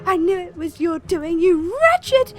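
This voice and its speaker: A woman voicing a hysterical peasant woman who wails and accuses in a tearful, shrill voice. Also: sing-song, unhurried, faint music behind, heavily acted. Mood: wailing.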